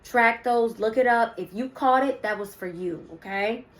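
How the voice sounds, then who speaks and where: A young spiritual reader with a fairly high voice speaks at a moderate pace, giving her viewers a casual, rambling card reading packed with ums and asides. The recording is low quality.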